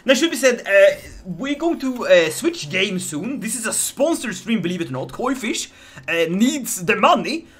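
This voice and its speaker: A man with a Swedish accent commentating his live game stream, joking and animated as he talks to chat. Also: high-pitched, moderate pace.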